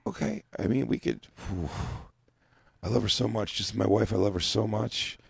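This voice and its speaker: Low-voiced guy cohosting a radio show, crude jokes, lots of laughing, dead dry mic. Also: normal speed, gravelly, husky, no room sound. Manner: crude, laughing, riffing on bits. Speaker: co-host. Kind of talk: casual radio talk show banter.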